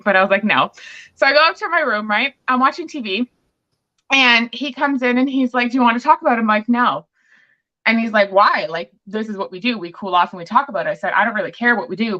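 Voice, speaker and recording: A woman's voice: a little high, bright, forceful tone. A pregnant woman hosting a podcast, telling a candid story in casual chat and acting out both sides of a quarrel. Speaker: podcast host. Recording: muffled lo-fi recording.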